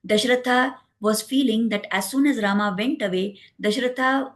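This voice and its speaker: A woman narrating a devotional story in a calm, explanatory way, adding moral lessons. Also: a little high, moderate pace.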